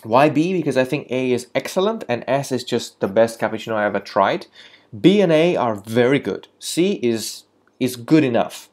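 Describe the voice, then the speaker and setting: A man's voice: mid-range voice, animated, moderate pace, a little mellow. Hesitant man rating coffee shops. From lives in London. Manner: hesitant, many fillers and restarts, rising energy on "moving on". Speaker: coffee reviewer. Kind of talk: casual talk to camera, ranking coffee shops.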